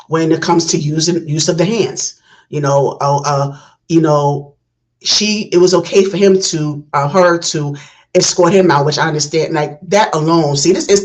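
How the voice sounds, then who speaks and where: A woman's voice: low-pitched, low-quality recording. A woman hosting a reaction video, giving passionate casual commentary with many restarts. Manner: passionate, talks it through with restarts.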